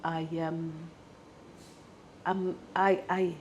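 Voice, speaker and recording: A South African woman, a guest in an interview, telling stories with animated restarts and acting out the voices of people she quotes. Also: lowish voice, very slow, muffled recording, a little hiss or hum. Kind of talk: storytelling in an interview.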